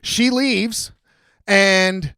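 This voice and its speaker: A man's voice: sits high, very slow, bright, forceful tone, clear, resonant tone, dry recording, studio quality. A man hosting a podcast, telling a story in a profane, exasperated rant. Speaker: podcast host. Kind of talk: comedic storytelling.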